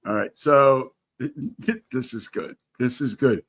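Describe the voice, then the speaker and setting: A man's voice: medium pitch, slow pace, slightly rough. A man hosting a livestream, teasing his guests with crude, profane banter. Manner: profane, teasing, animated storytelling. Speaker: livestream host.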